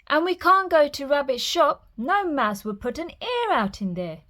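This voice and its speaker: A woman voicing a small, grumpy male mouse in a storybook, speaking high and fretful. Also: very animated, unhurried, pushed and bright, heavily acted. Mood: grumbling.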